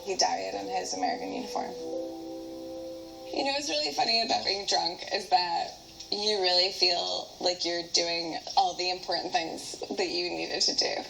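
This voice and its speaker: A drunk woman stumbles through a history tale, slurring and backtracking as she goes. Her voice is animated and slides up and down, with a gravelly fry at the edges. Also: on the low side, moderate pace, faint music behind, poor audio. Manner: rambling, self-correcting, jumps into voices. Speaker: storyteller.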